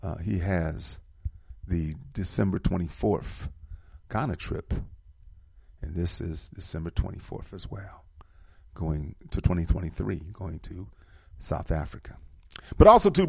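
A low-pitched middle-aged man with a gravelly edge, reading out show listings and sponsor notices. He stresses and repeats the key details in an emphatic, preacherly way, and the sound is dry and close. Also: lively intonation, normal speed, no echo. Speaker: host reading announcements. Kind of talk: radio-style community announcements.

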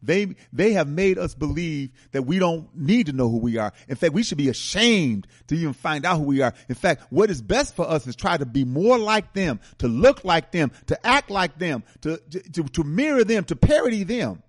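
Host: man with a slightly high voice, measured and rhetorical. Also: very animated. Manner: measured, poses rhetorical questions. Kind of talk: radio talk show hosting.

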